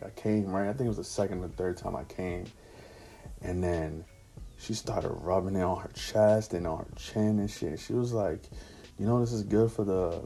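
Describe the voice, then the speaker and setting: A man's voice: sits low, dark tone. A man casually telling a personal anecdote in slangy, profane street talk. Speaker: storyteller.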